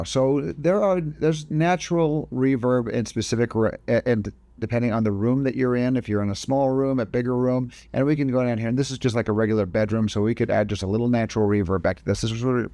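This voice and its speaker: A man's voice: medium pitch, mellow, dry recording. A man teaching video editing in a casual, step-by-step screen-recorded tutorial, often correcting himself mid-sentence. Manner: casual step-by-step explaining, frequent self-corrections.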